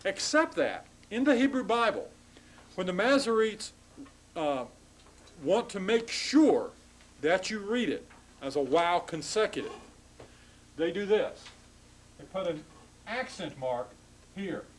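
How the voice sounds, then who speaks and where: A man's voice: high-pitched, expressive, unhurried, long pauses, low-quality recording. A man teaching a classroom lecture on Hebrew grammar, explaining step by step, with frequent restarts and checks of "okay?".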